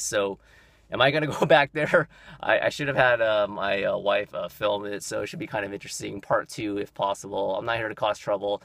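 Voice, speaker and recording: Low-voiced man ranting about a rude encounter. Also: a little fast, no room sound. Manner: animated, gets louder and higher when indignant. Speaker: vlogger. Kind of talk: casual storytelling rant.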